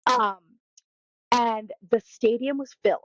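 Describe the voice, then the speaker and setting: A woman from New Jersey, co-hosting a podcast, tells stories in a casual, animated way and acts out what people said. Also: on the high side, slow pace, crowd noise. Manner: animated storyteller, acts out quotes. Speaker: podcast co-host. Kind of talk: casual chat. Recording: dull, dry lo-fi sound.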